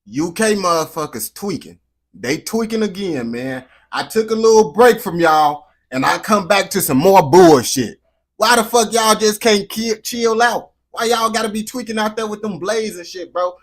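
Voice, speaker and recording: An American man hosting a reaction video, talking in a slangy, profane, animated way. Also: sits high, moderate pace. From United States. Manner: slangy, animated, swears constantly. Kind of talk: profane casual reaction commentary.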